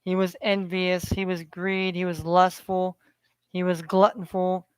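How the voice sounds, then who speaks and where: A man on a heated, preachy rant, swearing freely and circling back to the same phrases. His voice is smooth and resonant. The sound is close and dry, with no room around it. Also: high voice, little pitch movement, measured pace, dry recording. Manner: profane, preachy, repeats phrases. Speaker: vlogger. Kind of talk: ranting monologue.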